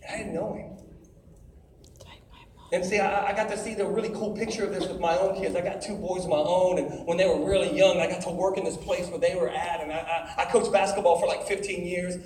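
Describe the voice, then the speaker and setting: High-voiced man preaching in an echoey hall. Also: brisk. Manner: animated, calls for audience responses. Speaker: youth speaker. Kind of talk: sermon. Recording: echoey hall from far off with faint noise.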